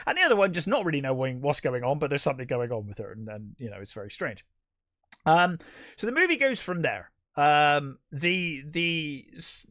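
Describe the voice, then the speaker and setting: A man with a mid-range, sharp-toned voice co-hosts a podcast, rambling through a casual film review that grows bluntly critical and exasperated. He keeps restarting mid-sentence, and the studio-quality recording has no echo.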